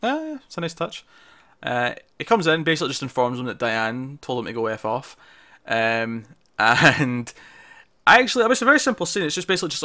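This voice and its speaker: A man's voice: medium pitch, very animated, fairly quick, bright, forceful tone. A man co-hosting a casual TV review discussion, chatty, with many fillers and restarts. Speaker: podcast co-host.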